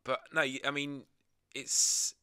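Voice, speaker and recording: A young man co-hosting a casual podcast who rambles through jokes full of fillers and restarts. His voice is very bright and forceful. It is recorded dry, with no room sound. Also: mid-range voice, little pitch movement, takes it slowly, clear, resonant tone, no echo. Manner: rambling, filler-heavy, jokey. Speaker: podcast co-host. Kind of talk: casual chat.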